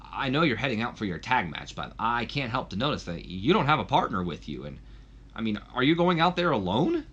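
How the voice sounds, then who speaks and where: A man's voice: medium pitch, sing-song, brisk, a bit bright, slightly rough, dull audio. A man voicing a polite male backstage interviewer asking questions. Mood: curious.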